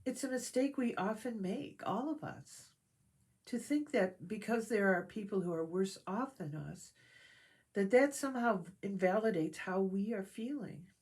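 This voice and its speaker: A woman reading the part of a kind little male piglet in a storybook, speaking gently and reassuringly. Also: mid-range voice, animated, a little slow, breathy edge.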